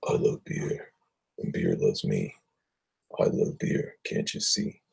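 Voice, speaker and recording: A man's voice: rumbling low, huge pitch swings, slow pace, creaky, a little mellow, husky. A man chatting casually with viewers while drawing on a livestream, rambling and muttering to himself.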